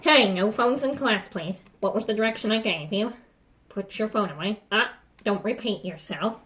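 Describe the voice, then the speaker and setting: Nervous male teacher, woman voicing. Hesitant, bright voice, role-play skit. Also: mid-range voice, normal speed, natural voice. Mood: unsure. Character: nervous adult male teacher taking advice.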